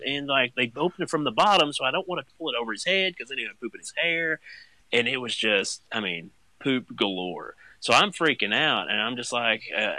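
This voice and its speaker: This young stay-at-home father speaks a little fast in a dry recording, recounting something funny in relaxed chat. He becomes animated and jumps high while acting out his panic.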